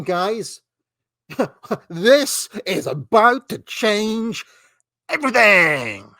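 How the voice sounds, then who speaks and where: Host rant, man, sarcastic and exasperated, slightly high voice, dry close sound. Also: no echo. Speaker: commentary channel host. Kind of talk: ranting online commentary.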